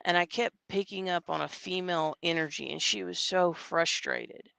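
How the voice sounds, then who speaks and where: Gravelly, bright-voiced man telling stories. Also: sits high, steady tone, moderate pace, no echo. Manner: rambling retelling with many fillers and quoted dialogue. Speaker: psychic medium guest. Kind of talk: casual storytelling.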